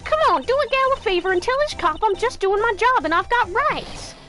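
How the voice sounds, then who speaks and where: A woman's voice: extremely high pitch, animated, fairly quick, sharp tone, faint music behind, pitched above the performer's own voice, heavily acted. A woman voicing a pushy female journalist with a put-on Southern accent and a brash, insistent manner. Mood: pleading. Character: loud gossip-hungry woman journalist, pushy. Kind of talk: game voice reading.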